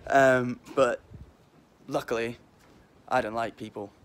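This vlog host is a man in his twenties from Liverpool, England, with a mild local accent, strolling through a windy back garden and filming on a handheld phone that picks up faint wind. He rambles, jokes and mocks himself cheekily, speaking slowly at a medium pitch with fairly even intonation.

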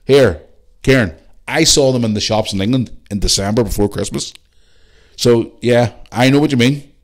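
A man's voice: medium pitch, normal speed. A man hosting a casual solo podcast, chatting in a rambling way and swearing freely. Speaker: podcast host.

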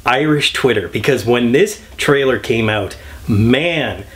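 A man's voice: mid-range voice, slow, fairly bright tone. A man hosting a comedic film review, talking with wry, joking asides.

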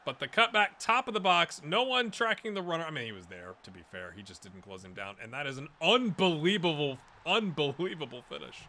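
Bright-voiced man narrating his football game. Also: fairly high pitch, expressive, a little fast, hardly any pauses. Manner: chatty, self-mocking, cheering his players on. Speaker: gaming YouTuber. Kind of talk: casual game commentary.

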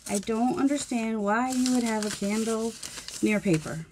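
A woman's voice: on the high side, normal speed, darkish tone, a little hiss or hum. A woman chatting in a rambling, self-deprecating way while she works on a mixed media collage. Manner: rambling, musing aloud while working. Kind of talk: chatty crafting vlog.

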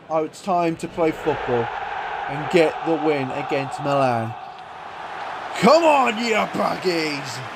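A man commentating his own football video game career, moving between calm play-by-play and loud excited outbursts. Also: fairly high pitch, slight background noise. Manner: swings from calm play-by-play to shouting and swearing. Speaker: gaming YouTuber.

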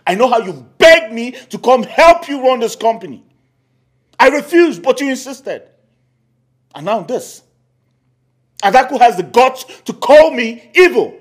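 An actor playing an aggrieved uncle with a Nigerian accent and a husky voice, complaining to his sister. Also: on the high side, expressive, moderate pace, a little mellow, lightly acted. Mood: wounded. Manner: complaining, wounded. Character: aggrieved middle-aged uncle Frank, company manager.

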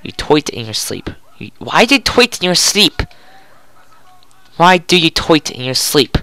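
A gamer giving goofy, excitable commentary while playing a hockey video game, groaning and yelling at each play. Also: mid-range voice, measured pace, no echo.

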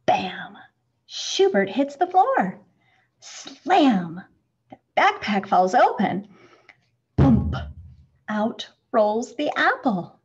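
A woman reading a children's picture book aloud, expressive and acting out the sound words. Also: fairly high pitch, very slow, pauses often, husky. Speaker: storybook reader. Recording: muffled lo-fi recording.

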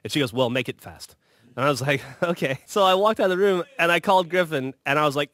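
A podcast host tells funny stories in casual chat, swearing and acting out what people said. His voice is fairly high and fast, with no room sound. The whole thing is animated, casual storytelling.

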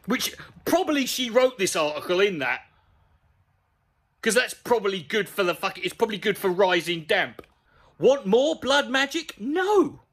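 A man with a fairly high voice that swings all over the place. He reads out an article and tears into it with sarcastic, sweary asides, sounding exasperated throughout. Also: lively intonation, normal speed, fairly bright tone. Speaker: comedy YouTuber. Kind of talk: sweary comedic rant reading an article aloud.

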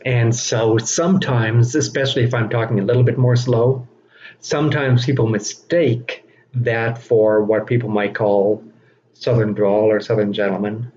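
A man giving a recorded teaching lecture, speaking slowly and deliberately with frequent fillers. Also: medium pitch, fairly even intonation, a little mellow. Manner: slow, deliberate, self-aware delivery with frequent fillers. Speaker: instructor. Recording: dull lo-fi recording with faint noise.

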